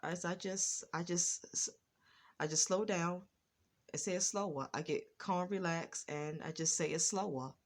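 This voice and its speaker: A woman vlogger with a fairly low pitch speaks slowly and carefully in a casual personal monologue. She stutters and repeats herself a great deal.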